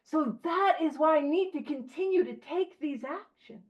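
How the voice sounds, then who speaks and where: A woman leading a recovery book study, talking in an animated, joking, self-deprecating way. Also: high-pitched, normal speed. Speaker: study leader. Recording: dull lo-fi recording.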